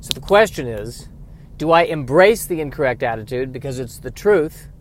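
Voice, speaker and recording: A man's voice: medium pitch, lively intonation, moderate pace. Introspective man musing aloud while driving. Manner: introspective, self-questioning, thinking aloud. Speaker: podcast host. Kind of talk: solo comedic musing podcast.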